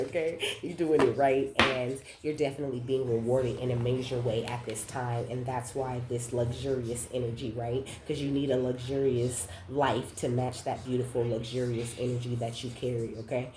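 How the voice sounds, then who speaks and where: A woman's voice: extremely low pitch, dark tone, reverberant, a little hiss or hum. A woman giving a casual spiritual reading to her viewers, effusive and affirming, slangy with casual swearing. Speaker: intuitive card reader.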